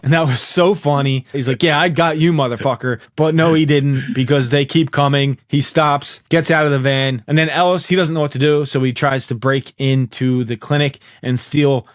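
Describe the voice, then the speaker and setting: A man's voice: mid-range voice, steady tone, moderate pace, few pauses, no room sound, clean studio sound. A man casually retelling TV episodes scene by scene, swearing freely as he goes. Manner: loose, profane retelling of scenes. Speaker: TV recap host. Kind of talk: casual TV recap commentary.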